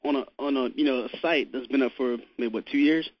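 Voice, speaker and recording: A man's voice: mid-range voice, brisk. A man interviewing a musician, chatty and casual, swearing freely. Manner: chatty, profane, laughing often. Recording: muffled lo-fi recording.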